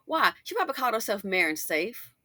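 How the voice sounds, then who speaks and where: A middle-aged woman hosting a casual commentary monologue, chatty and animated, full of asides and emphatic rhetorical questions. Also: mid-range voice, fast, no echo, clean studio sound. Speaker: commentary channel host.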